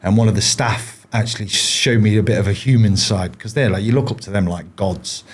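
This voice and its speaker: A man's voice: on the low side, brisk, husky. A man, a former paratrooper, telling his stories in a casual interview, rambling with frequent restarts and fillers. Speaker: podcast guest, former paratrooper.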